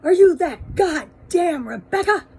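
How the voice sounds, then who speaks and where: A woman voicing a furious, blustering middle-aged husband who yells bluntly in a told story. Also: medium pitch, normal speed, husky, lightly acted. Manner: yelling, blunt.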